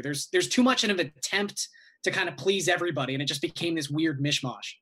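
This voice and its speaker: A man co-hosting a podcast, casually thinking out loud in an agreeable way. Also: a little high, brisk. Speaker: podcast co-host. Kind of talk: casual chat.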